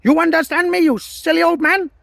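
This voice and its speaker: A man's voice: very high-pitched, steady tone, brisk, vocal fry, fairly bright tone, no echo, clean studio sound, voice pushed up, exaggerated voice. A man voicing a haughty, condescending male official with a mock German accent. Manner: bossy, condescending.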